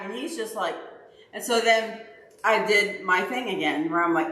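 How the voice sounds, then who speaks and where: Livestream host, woman, bright and animated storyteller, roomy echoey sound. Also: medium pitch, normal speed. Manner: animated, acts out her own yelling. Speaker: livestream host, dog owner. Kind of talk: casual storytelling to chat. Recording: roomy echo, faint background noise.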